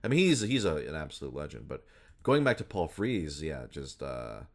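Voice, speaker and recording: Very deep-voiced man chatting casually. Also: big pitch swings, moderate pace. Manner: rambling, many fillers and restarts. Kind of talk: casual chat about voice actors.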